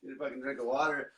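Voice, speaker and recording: A man's voice: high voice, far from the mic, noisy background. A man coaching viewers in a blunt, combative rant full of swearing. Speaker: diet coach. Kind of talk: profane motivational rant. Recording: echoey room, off-mic.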